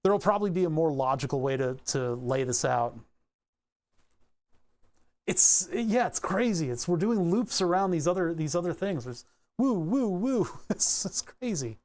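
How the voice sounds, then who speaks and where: A streamer thinking aloud in a relaxed livestream, muttering to themselves, trailing off mid-sentence and often correcting themselves. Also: mid-range voice, moderate pace. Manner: muttering to self, frequent self-corrections.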